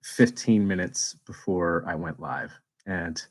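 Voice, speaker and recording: A man hosting a casual livestream, chatting candidly and swearing freely, and now and then working himself into animated rants. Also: deep voice, takes it slowly, poor audio. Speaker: space YouTuber and livestream host.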